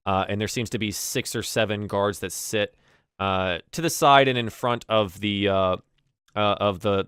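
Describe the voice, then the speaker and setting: A male game master narrates a tabletop game scene, stopping and restarting as he searches for words. His voice is on the low side and smooth. The recording is close and dry. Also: a bit bright, no echo.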